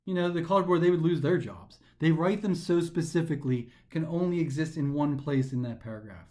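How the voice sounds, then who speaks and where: A male test prep instructor explaining test questions, reading passages aloud and then thinking them through in an animated way. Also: on the high side, a little fast.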